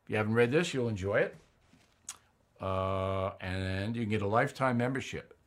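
A man's voice: fairly low pitch, moderate pace. An older man hosting a commentary show, blunt and opinionated, reading ads and giving his views with emphatic repetition.

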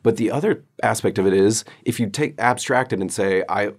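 A man interviewing a guest, asking thoughtful, measured questions. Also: on the low side, husky. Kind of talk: conversational interview.

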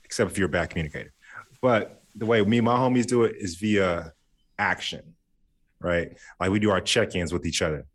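Man, low voice, casual co-host chat, playful and joking. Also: fairly quick. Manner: playful, jokey, laughs while imitating friends. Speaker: podcast co-host.

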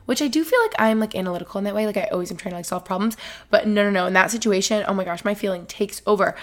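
A woman's voice: medium pitch, rapid-fire. A woman in her twenties hosting a casual solo podcast, rambling and emotional, with lots of "like". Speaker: podcast host.

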